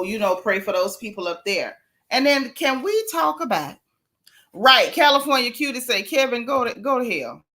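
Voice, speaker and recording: A woman's voice: medium pitch, pushed and bright. A woman hosting a casual gossip livestream, chatting emphatically and reading viewer comments aloud. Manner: emphatic, repeats phrases. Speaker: gossip show host.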